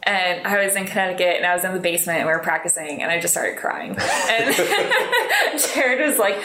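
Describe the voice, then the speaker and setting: A woman's voice: fairly low pitch, expressive, a little fast, sharp tone. Laughing, rambling young woman in a roomy room. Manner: rambling, laughs often, self-deprecating. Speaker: interview guest, musician. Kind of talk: casual storytelling interview.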